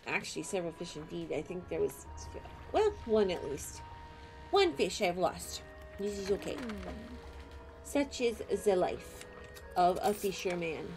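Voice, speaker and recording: A young adult woman streaming a game, chatting playfully with viewers, giggling and squealing as her pitch swoops up and down. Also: very animated, a little slow, darkish tone, soft background music. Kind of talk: casual live-stream game commentary.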